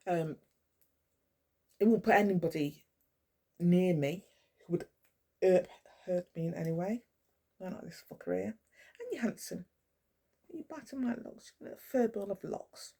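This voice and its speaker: A woman's voice: fairly low pitch, animated, unhurried, pauses often, warm tone. A woman, talking to the camera in a blunt, rambling monologue full of swearing. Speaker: vlogger. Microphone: camera mic.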